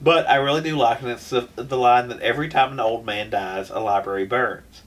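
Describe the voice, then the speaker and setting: A man's voice: medium pitch, a little fast, a bit bright, recorded from a distance. A man co-hosting a podcast in casual chat, rambling with frequent restarts. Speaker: podcast co-host.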